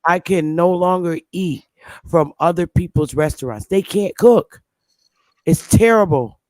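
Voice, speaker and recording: A woman's voice: fairly low pitch, unhurried, a little mellow, no echo. A woman hosting a casual chat, speaking bluntly and emphatically and repeating her points. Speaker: show host.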